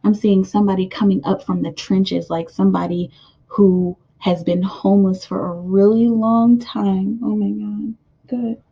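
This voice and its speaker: A woman's voice: mid-range voice, fairly even intonation, unhurried, breathy edge, highs cut off. Chatty woman giving a card reading. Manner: chatty, addresses viewers as "you guys", many fillers. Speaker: tarot card reader. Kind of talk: casual oracle card reading vlog.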